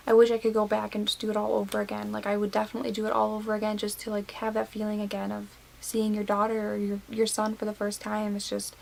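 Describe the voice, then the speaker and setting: A woman's voice: mid-range voice, vocal fry, a little mellow, slight background noise, low-quality recording. A nineteen-year-old woman vlogging casually to camera, recounting a personal story with lots of fillers, getting teary and emotional. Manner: emotional, many fillers and likes. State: tearful.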